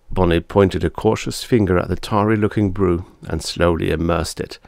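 A man's voice: deep voice, fairly even intonation, normal speed, vocal fry, few pauses, darkish tone, no room sound. A man reading vintage science fiction aloud as scripted audiobook narration, with a dry storytelling delivery. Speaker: audiobook reader.

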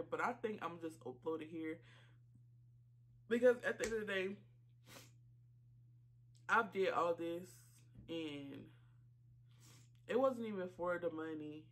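Tearful woman vlogger, halting and emotional. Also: lowish voice. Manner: emotional, halting, full of fillers and apologies. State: tearful, choked up. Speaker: YouTube reaction channel host. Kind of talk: casual reaction vlog talk.

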